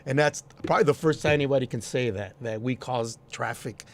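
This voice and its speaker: Animated man telling club stories. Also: mid-range voice, fairly quick, noisy background. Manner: animated, acts out quoted voices. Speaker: guest, club promoter and DJ. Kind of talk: casual storytelling interview.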